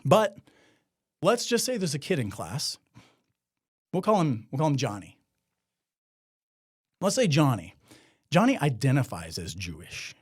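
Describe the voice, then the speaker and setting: Male host of a solo commentary show; conversational and sarcastic, with an animated, swinging delivery. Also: medium pitch, a little slow, pauses often, slightly rough. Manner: sarcastic, conversational, heavy with "like" fillers. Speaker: podcast host.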